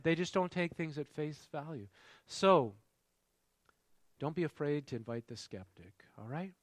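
A man's voice: medium pitch, dry recording. Guy preaching, chatty, keeps asking the crowd stuff, dry close sound. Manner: engaging, quizzes the congregation. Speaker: pastor. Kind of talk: sermon.

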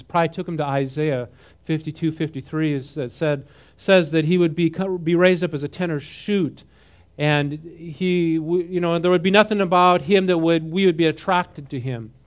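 A man with a fairly high speaking voice leads a conversational sermon. He moves between reading scripture and lively comments of his own, often checking in with his listeners. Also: clean tone. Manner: animated, asks the audience questions, mixes reading with comment. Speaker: preacher teaching a Bible passage.

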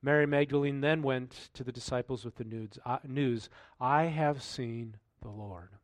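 A male pastor giving a sermon, reading scripture aloud and then commenting in a relaxed, conversational way with rhetorical questions. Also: mid-range voice, moderate pace, no room sound.

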